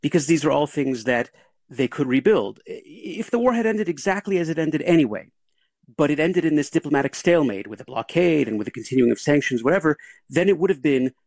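A man's voice: fairly high pitch, expressive, fairly quick, a little mellow, no echo. A man speaking as a political analyst in a news interview, thoughtful and hesitant. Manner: thoughtful, hesitant with fillers and restarts.

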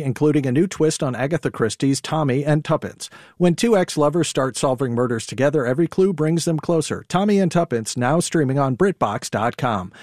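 Measured male sponsor announcer. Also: medium pitch, darkish tone, no echo, clean studio sound. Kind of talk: scripted underwriting reads.

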